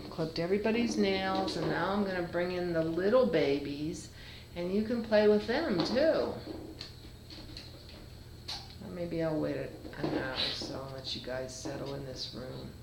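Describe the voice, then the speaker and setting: Casual home vlogger, a woman, unhurried, fond, chatty with her pets. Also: on the low side, creaky, reverberant, noisy background. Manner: chatty, fond baby talk to kittens. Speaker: cat breeder. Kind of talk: casual home video update. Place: room at home with kittens.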